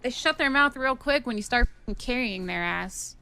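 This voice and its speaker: A woman's voice: on the high side, expressive, moderate pace, sharp tone, clear, resonant tone. A woman in a gaming clip, talking in a boastful, profane way, away from the mic.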